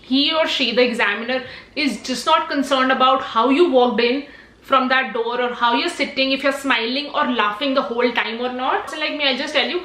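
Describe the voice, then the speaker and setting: Young woman, chatty and emphatic; high voice in a reverberant room. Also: moderate pace, sharp tone. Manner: chatty, emphatic, lots of "like" and "trust me". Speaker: IELTS tips vlogger. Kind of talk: casual talking-to-camera advice.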